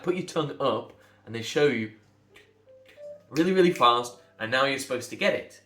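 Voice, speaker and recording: A man teaches pronunciation in a patient, explanatory way, spelling words out letter by letter and modelling each sound. His voice sits at an ordinary middle pitch. The room rings around him, with faint music underneath. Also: a bit bright, reverberant. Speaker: accent coach. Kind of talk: instructional talk to camera.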